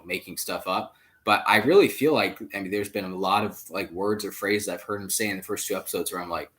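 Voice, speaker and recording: A young man hosts a podcast in an easy, rambling chat full of fillers and restarts. His voice sits a little low for a man. He keeps jumping up in pitch and volume when he gets excited, then drops back down. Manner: rambling, filler-heavy, animated swings in pitch and loudness. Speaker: podcast host. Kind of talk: casual chat.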